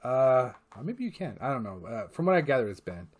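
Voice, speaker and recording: A man's voice: mid-range voice, sing-song, fairly quick. A man hosting his own channel, rambling casually and swearing freely, with frequent fillers and restarts. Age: adult parent. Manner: rambling and profane, heavy with fillers. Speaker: channel host. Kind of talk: casual rambling vlog monologue.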